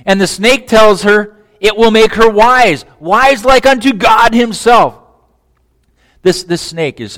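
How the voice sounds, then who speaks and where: A man preaching a sermon in animated style, often repeating words and asking the listeners questions. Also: sits high, vocal fry. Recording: long hall reverb.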